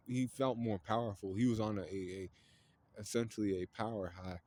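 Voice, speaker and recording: A man's voice: lowish voice, brisk, warm tone, a little hiss or hum. A man casually retelling an anime plot, rambling with lots of fillers and some swearing. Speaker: storyteller.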